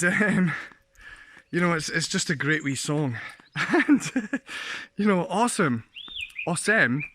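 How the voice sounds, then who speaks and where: A man's voice: on the high side, fairly bright tone, slight background noise. A Scottish man rambling chattily as he walks outdoors and talks to his handheld camera. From Scotland. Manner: rambling, chatty, laughs often. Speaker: vlogger. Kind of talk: casual walking vlog. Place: outdoors on a walk past houses. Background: dogs barking.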